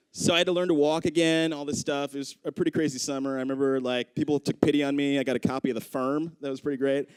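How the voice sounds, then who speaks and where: Animated male stand-up comedian, smooth voice. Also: fast, few pauses, no echo. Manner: animated, acts out quoted people with big pitch jumps. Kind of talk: live stand-up storytelling. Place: live comedy club stage.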